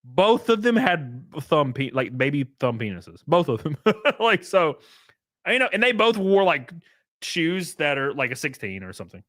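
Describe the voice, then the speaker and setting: A man's voice: on the high side, big pitch swings, normal speed, fairly bright tone, dry recording, studio quality. A young man casually chatting on a livestream, reading chat aloud with crude, rambling jokes.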